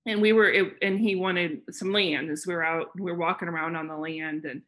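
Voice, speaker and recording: A woman real estate agent, a podcast guest, telling lively stories with frequent laughter and lots of fillers. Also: lowish voice, a little fast. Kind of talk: casual storytelling chat.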